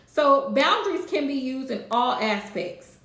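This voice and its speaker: A woman hosting a live tarot reading, calmly repeating gentle advice to her viewers. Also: high-pitched, a little slow, reverberant. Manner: soothing, repetitive advice with Southern-style phrasing. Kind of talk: casual live-stream reading.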